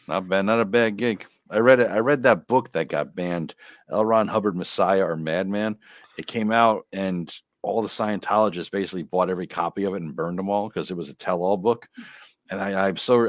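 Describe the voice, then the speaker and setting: Co-host type, man, very low voice, dry close sound, easygoing. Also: fairly quick, dry recording. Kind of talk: casual chat on a live stream.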